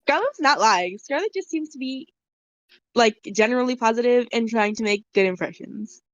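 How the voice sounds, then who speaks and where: Bright-voiced woman running a tabletop game. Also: fairly high pitch, lively intonation, moderate pace, no echo, highs cut off. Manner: rambling with many fillers. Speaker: game master.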